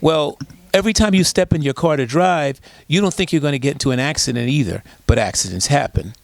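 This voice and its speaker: A man's voice: a little high, fairly quick, vocal fry, dry recording. A man speaking as a guest in an interview, telling stories emphatically and asking rhetorical questions. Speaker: guest, disaster preparedness expert. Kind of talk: conversational interview.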